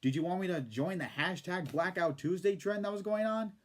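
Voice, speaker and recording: A man's voice: sits high, brisk. A man ranting in casual video commentary, sarcastic and profane. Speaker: YouTube commentator.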